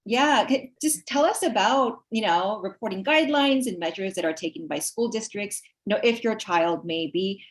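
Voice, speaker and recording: A woman's voice: medium pitch, normal speed, few pauses. A woman moderating a webinar panel. She thanks the speakers and asks them questions, with many "um"s and "you know"s. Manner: warm thanks, hesitant with many fillers.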